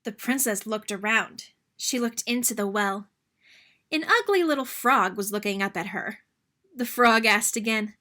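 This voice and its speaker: In a mid-range voice and at a slightly slow pace, a woman reads a children's picture book aloud with expressive, sing-song storytelling.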